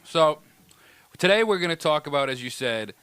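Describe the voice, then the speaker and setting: A man's voice: a little high, expressive, normal speed, a bit bright, clear, resonant tone, no room sound. A man co-hosting a podcast in casual, self-mocking banter, laughing often. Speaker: podcast co-host.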